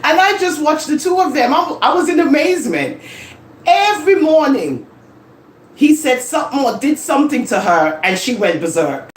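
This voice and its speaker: A live-stream host, chatting casually from home into a phone, animated and laughing as they tease and tell stories. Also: high voice, moderate pace, a little hiss or hum. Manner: animated, laughing, teasing rants and storytelling. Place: home living room. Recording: echoey room with faint ambience.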